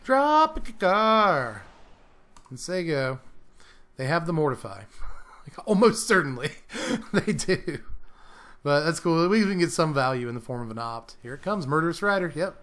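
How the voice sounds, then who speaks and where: Young male gameplay commentator, slightly high voice, casual and jokey, quick to laugh. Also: lively intonation, a bit bright. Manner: playful, laughs often, slips into mock British accent.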